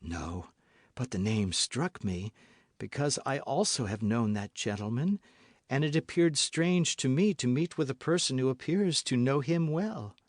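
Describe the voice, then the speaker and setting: A man voicing a scheming noblewoman who speaks in a smooth, guarded, falsely warm way. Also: medium pitch, lively intonation, unhurried, no room sound, studio quality. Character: scheming noblewoman, cold, cunning, falsely sweet.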